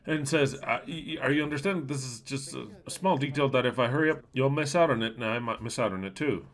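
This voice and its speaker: A man giving a livestreamed Bible teaching. He is emphatic and asks many rhetorical questions, swinging between loud and soft, with blunt, coarse asides. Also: medium pitch.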